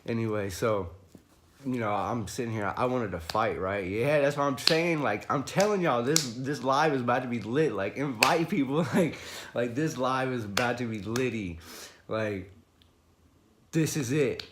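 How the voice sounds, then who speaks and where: A young man telling a long story on a casual livestream. He rambles, swears a lot and fills every pause with "you know," laughing and raising his voice as he relives a fight. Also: mid-range voice, noisy background. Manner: rambling, profane, full of fillers like "you know"; laughs often and gets loud when reliving a fight. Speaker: livestream host.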